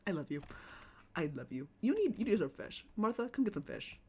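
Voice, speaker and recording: A live streamer chatting casually over gameplay, excitable, repeating phrases and cooing over pets. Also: medium pitch, fairly quick, breathy edge.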